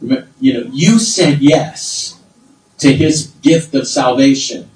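Man, middle-aged, pastor, fervent sermon, roomy sound from a distance. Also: slow pace. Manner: fervent preaching, swinging from low asides to loud high exclamations.

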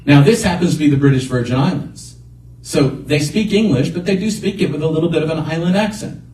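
A man pastor preaching a sermon in a church, animated, often calling out praise. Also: fairly high pitch, fairly quick, roomy sound, recorded from a distance, rough recording. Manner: animated, repeats exhortations.

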